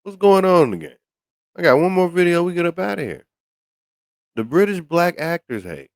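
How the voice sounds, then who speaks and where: A man's voice: normal speed, no room sound, studio quality. A man hosting a podcast, talking casually with many restarts and repeated words. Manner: stammering restarts, lively pitch swings. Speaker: podcast host. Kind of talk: casual commentary.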